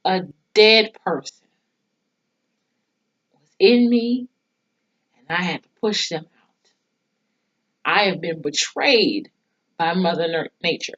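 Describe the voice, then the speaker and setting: A woman's voice: lowish voice, fairly bright tone. A woman reviewing a TV episode in a casual vlog, ranting heatedly with profanity and sarcastic asides. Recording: dull lo-fi sound.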